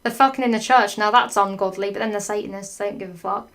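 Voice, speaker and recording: A woman's voice: mid-range voice, steady tone, fast talker, a bit bright. A woman doing a comic read-through of a fan fiction, breaking off into sarcastic, swear-filled asides. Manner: sarcastic, swears freely, laughs often.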